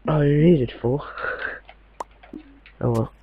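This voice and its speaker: Gravelly man muttering over gameplay. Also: a little high, takes it slowly, narrow, tinny audio, soft background music. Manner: chatty, muttering to himself, mildly sweary. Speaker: gameplay commentator. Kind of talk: casual gameplay commentary.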